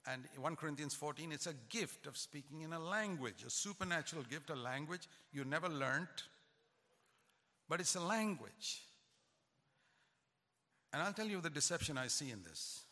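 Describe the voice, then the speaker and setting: Older male preacher, emphatic sermon, bright voice, long hall reverb. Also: on the high side, lively intonation, normal speed, long pauses. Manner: emphatic, rising to stress points.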